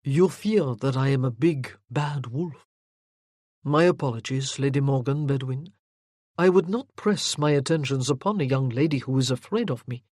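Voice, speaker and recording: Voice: mid-range voice, normal speed, darkish tone, dry recording, clean studio sound, natural voice. A reader voicing a mocking worldly nobleman. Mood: seductive. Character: teasing worldly French nobleman, charming rake. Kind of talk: audiobook character reading.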